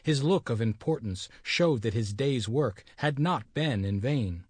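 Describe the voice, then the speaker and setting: A man narrating a classic detective story aloud in a steady, even storytelling manner. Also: medium pitch, unhurried, husky, no room sound. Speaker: audiobook narrator.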